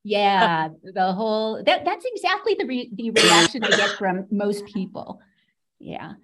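A middle-aged American woman shares a personal story as a podcast guest. Her voice sits at an ordinary pitch. She tells it with a dry, sarcastic wit. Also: very animated, a little slow, heavy background noise. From United States. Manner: sarcastic, wry.

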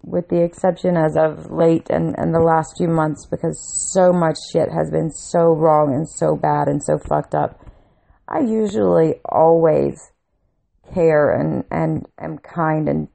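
A woman's voice: low-pitched, fairly even intonation, measured pace, creaky, dark tone. A woman vlogger casually telling a story to camera, rambling with frequent restarts and swearing bluntly.

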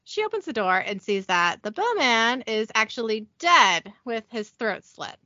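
A young woman hosting a podcast, casually recapping a TV episode from her notes, giggly and brisk. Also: on the high side, big pitch swings, bright, forceful tone, no echo, dull audio. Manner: giggly, reads scene descriptions briskly.

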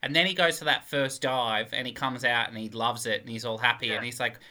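A man's voice: medium pitch, fairly even intonation, brisk, bright, forceful tone. A man in a casual film review chat, mocking the movie sarcastically.

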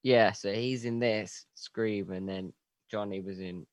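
A man's voice: fairly low pitch, steady tone, unhurried, no room sound. A man co-hosting a casual film review podcast, easygoing and agreeable, with a jokey streak. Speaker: podcast co-host.

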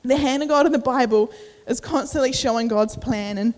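A woman's voice: sits high, fairly quick, darkish tone. A young woman giving a casual sermon at church, chatty with many fillers, acting out inner voices, a little out of breath. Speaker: youth preacher. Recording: echoey church hall.

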